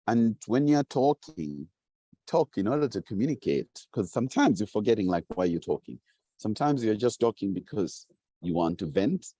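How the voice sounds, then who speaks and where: Male speaker with a low, mellow voice for a motivational lesson who stresses key phrases. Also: very animated, a little slow, dry recording. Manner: emphatic, repeats key phrases, acts out quoted voices. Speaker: founder giving a teaching. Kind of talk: motivational teaching talk.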